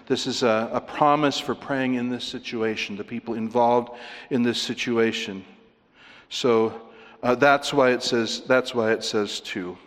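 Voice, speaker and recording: A man's voice: mid-range voice, fairly even intonation, a little slow. A male pastor preaching to a congregation in a conversational, emphatic way. He poses rhetorical questions and lets out small chuckles. His voice carries a long reverb, as if in a large hall. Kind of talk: sermon.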